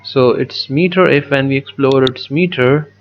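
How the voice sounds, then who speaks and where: A man teaching a poetry lesson, slow and methodical, repeating words as he writes on the screen. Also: mid-range voice, muffled recording, soft background music. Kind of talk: poetry lesson with a digital pen.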